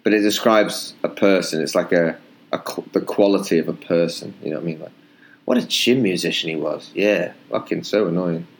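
A young British man co-hosting a podcast, running a slang quiz in loose, sweary banter with lively jumps in pitch. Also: fairly quick, a little hiss or hum. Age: young adult. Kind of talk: casual banter.

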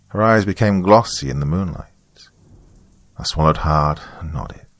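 A man narrating a first-person story in a calm, measured, reflective way. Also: sits low, vocal fry, dry recording.

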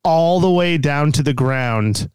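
A man co-hosting a loose podcast chat, telling stories in a rambling way full of fillers and little laughs. His voice is smooth and resonant, a touch higher than most men's, and the sound is dry and close. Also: expressive, slow, a little mellow, dry recording. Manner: rambling storyteller, filler-heavy, laughs often. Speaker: podcast co-host. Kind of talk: casual chat.

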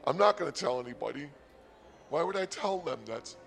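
A man's voice: fairly high pitch, animated, fairly quick, creaky, a bit bright, soft background music. A man hosting a comedy podcast, rambling sarcastically and mock-boastfully about his day at a casino.

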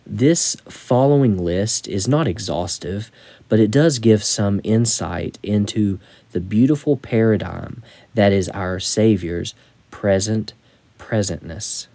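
A man reading aloud from his own devotional book in a measured, deliberate way. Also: fairly low pitch, dark tone, dry recording.

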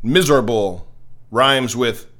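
A man's voice: medium pitch, slow, fairly bright tone. An American man hosting a political commentary show, delivering an impassioned, preachy monologue and often repeating words as he starts a thought. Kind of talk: opinionated monologue.

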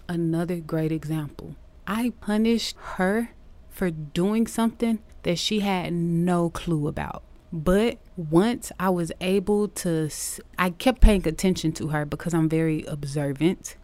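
A woman hosting a podcast, talking casually about teaching and acting out lively quotes from her classroom. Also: fairly low pitch. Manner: animated storytelling, acting out quotes.

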